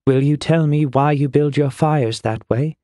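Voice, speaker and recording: Brief: male reader playing a young woman seer, wry and teasing, pitched up, dry booth sound. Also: a little slow, dark tone, no room sound, lightly acted. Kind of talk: audiobook narration.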